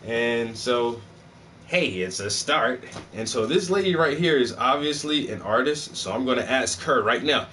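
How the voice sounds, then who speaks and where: A man's voice: mid-range voice, normal speed. A man in the middle of a casual livestream, chatting and swearing easily as he works. He sits a little away from the mic, so the voice sounds distant, with faint background noise. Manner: animated, mimics his own phone voices, swears casually. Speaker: vlogger and painter.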